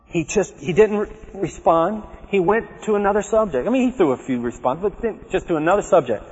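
Animated man telling his story in a hall. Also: high voice, brisk, hardly any pauses, slightly rough. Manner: animated storytelling, acting out his own remembered lines. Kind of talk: personal testimony talk to an audience. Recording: dull, echoey hall recording.

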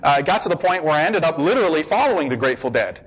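A man from the United States tells his own story with animated energy. His voice sits a little higher than most men's. He acts out the voices of the people in his story and hammers his points home by repeating them. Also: very fast, slightly rough, poor audio. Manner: emphatic repetition. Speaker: speaker giving a personal testimony. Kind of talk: personal testimony talk.

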